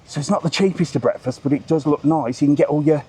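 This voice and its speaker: A man's voice: a little high, fast talker, slightly rough. A middle-aged man chatting cheekily as he walks a resort street live, filming on a handheld phone and greeting passers-by. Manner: chatty, cheeky, swears casually, greets strangers loudly. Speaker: vlogger host. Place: outdoors on a busy resort street.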